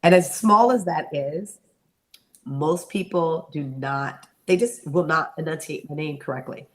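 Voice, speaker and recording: A middle-aged woman with a deep voice speaks at a measured pace. As an interview guest, she tells a personal story with real animation, acting out the voices of the people she quotes.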